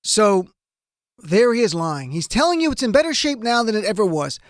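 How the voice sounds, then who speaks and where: A man's voice: sits high, big pitch swings, moderate pace, dry recording. Indignant male talk show host, dry sound. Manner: indignant, emphatic. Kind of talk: political commentary.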